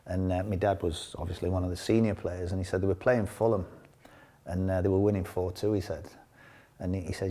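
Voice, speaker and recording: Older man, ex-footballer guest, low-pitched, rambling anecdotes, laughs often. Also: flat delivery, a little fast, dark tone. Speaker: interview guest, former footballer. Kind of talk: casual storytelling interview.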